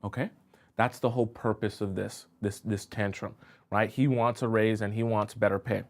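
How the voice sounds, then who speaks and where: A man's voice: lowish voice, steady tone, normal speed. A male dating coach talking live to viewers, explaining points and often checking in with them. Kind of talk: live-streamed advice talk.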